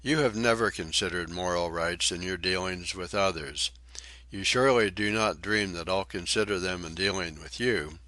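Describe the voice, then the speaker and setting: A man playing a stern, defiant gentleman. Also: low voice, moderate pace, dry recording. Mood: reasoning.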